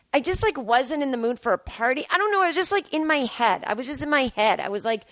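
A woman's voice: high-pitched, lively intonation, fast, few pauses, no room sound. A young adult woman comedian hosting her podcast, telling a rambling, self-deprecating story full of fillers. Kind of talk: casual podcast monologue.

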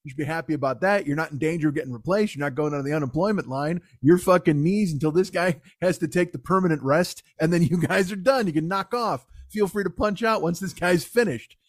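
A man with a fairly high voice riffs through a comedic podcast monologue. He rambles, swears freely and stays animated. The sound is close and dry, with no room in it. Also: a little fast, hardly any pauses, dry recording. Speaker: podcast host.

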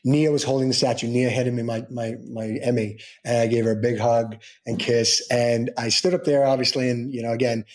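A man's voice: mid-range voice, level tone, brisk, few pauses, a little mellow. A man guest in an interview telling a long personal story in a casual way, with many restarts and quoted dialogue he acts out. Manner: rambling, with frequent restarts and acted-out quotes.

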